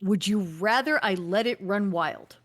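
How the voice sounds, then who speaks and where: A woman at a middling pitch, speaking in character at a tabletop game. She is earnest and pleads her case, at times hesitating over fillers while she thinks. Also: a little slow, fairly bright tone. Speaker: player. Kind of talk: in-character tabletop role-play.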